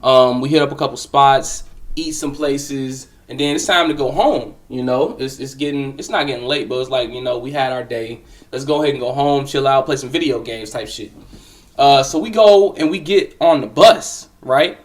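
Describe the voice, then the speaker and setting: A man's voice: mid-range voice, moderate pace, distant mic. Slangy young man, mic set back. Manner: slangy, profane, talks straight to the listener. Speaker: storyteller. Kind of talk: casual personal storytelling.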